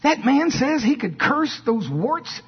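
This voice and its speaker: A preacher putting on the voice of a bewildered father who pleads in prayer, his tone high and strained. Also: very animated, slow, slightly rough, in a large hall, exaggerated voice. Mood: puzzled pleading. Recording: dull lo-fi sermon recording.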